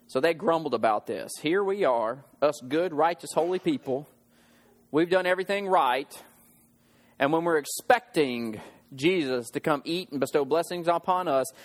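A man preaching a sermon in a conversational way, often checking in with "okay?" and acting out quoted voices with sarcasm. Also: on the high side. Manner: conversational, keeps asking "okay?". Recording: long hall reverb.

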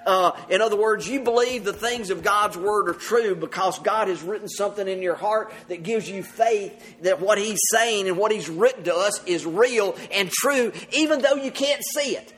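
A man's voice: sits high, normal speed, few pauses, a bit bright. A man preaching a sermon to a congregation, earnest and often laughing as he speaks. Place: church service with congregation.

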